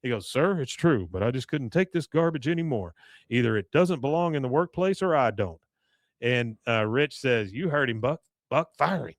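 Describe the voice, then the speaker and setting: A man's voice: medium pitch, lively intonation, normal speed, no echo. A man co-hosting a podcast, casually retelling a cartoon episode and quoting its characters with frequent laughs. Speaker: podcast co-host.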